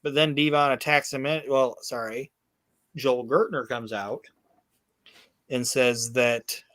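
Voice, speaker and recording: A man's voice: mid-range voice, slow pace, no echo. A man talking casually about a wrestling match he watched, rambling and swearing, with many fillers and restarts. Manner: rambling, profane, animated storytelling with many fillers. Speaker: podcast host recapping wrestling. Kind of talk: casual chat.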